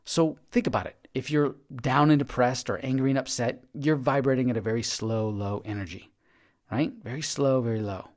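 A man's voice: medium pitch, moderate pace, darkish tone. A man hosting a podcast, giving an earnest, encouraging motivational monologue and often repeating his words. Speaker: podcast host.

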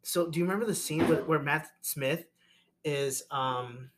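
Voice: medium pitch, measured pace, noisy background. A young podcast co-host recapping a movie in rambling casual chat, full of "like"s and restarts and frequent laughter.

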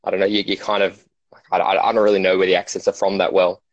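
Quick-talking Australian man on a dull phone line. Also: sits low, little pitch movement, dry recording. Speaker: podcast guest. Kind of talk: casual chat. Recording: dry, dull phone audio.

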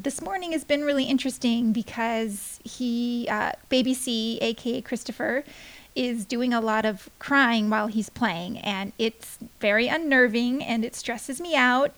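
A young woman hosting a casual diary-style podcast, rambling along with many fillers and restarts. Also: a little high. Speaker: podcast host, parent.

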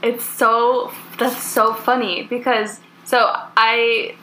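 A woman's voice: on the high side, flat delivery, slow pace, noisy background. A young woman from California with a Californian accent, hosting a casual podcast chat and peppering her talk with "like". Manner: chatty, heavy use of "like". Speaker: podcast host.

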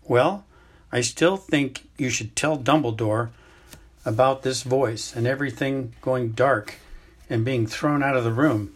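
A man reading aloud as an impatient teenage boy who presses with urgent questions, in a husky voice. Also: mid-range voice, a little slow. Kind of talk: amateur audiobook reading.

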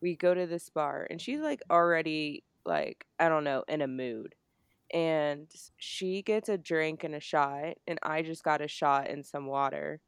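A young woman from New Jersey tells a story on a podcast, speaking low and smooth in a dry, close recording. She is animated and swears a lot, acting out the people she quotes. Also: measured pace, no room sound. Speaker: podcast co-host. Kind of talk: casual storytelling.

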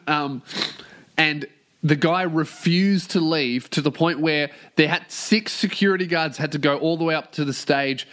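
A man's voice: on the high side, unhurried. Profane, ranting podcast host man. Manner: profane, ranting, animated storytelling. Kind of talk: solo comedy podcast rant.

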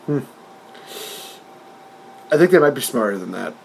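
A man co-hosting a wrestling podcast in casual chat, talking with animated energy, laughing often and acting out quotes in a raised voice. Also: mid-range voice, a little slow, creaky, slight background noise, rough recording. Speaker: podcast co-host.

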